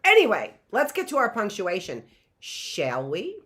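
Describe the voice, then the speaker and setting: A woman's voice: medium pitch, wildly swooping pitch, unhurried, fairly bright tone. A middle-aged woman teacher giving a chatty, playful online lesson, often exclaiming. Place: home classroom setup.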